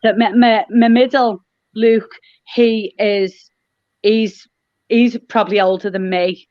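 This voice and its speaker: A woman guest in a casual chat over a video call, speaking earnestly in halting phrases with many restarts. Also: medium pitch, steady tone, no echo. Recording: dry, dull lo-fi call audio.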